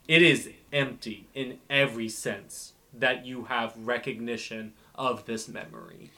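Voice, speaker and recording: A man's voice: medium pitch, fairly even intonation, a little slow, pushed and bright. A man co-hosting a casual chat, talking in an earnest, analytical way and swearing now and then.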